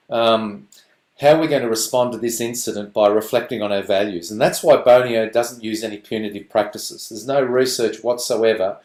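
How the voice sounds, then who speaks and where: On a video call, a man presents to parents in an animated, playful way, slipping into quick voices to act out parents and children. His pitch is medium, and the room is echoey.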